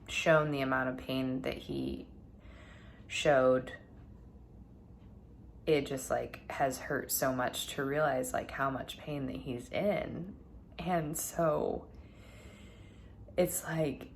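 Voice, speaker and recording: Woman vlogger, low voice, earnest and musing, faint noise in the room. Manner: earnest, musing, many fillers like "like". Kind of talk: reflective personal talk to camera.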